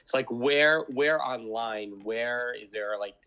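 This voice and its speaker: A man's voice: mid-range voice, slow, bright, forceful tone. A man calling in as a guest on a podcast, talking casually with frequent restarts and questions.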